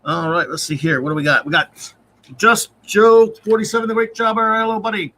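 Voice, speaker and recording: Bright-voiced man reading viewer comments. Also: high-pitched, steady tone, a little fast. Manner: reads out viewer comments and grades, chuckling often. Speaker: podcast host. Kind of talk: casual live-stream review chat.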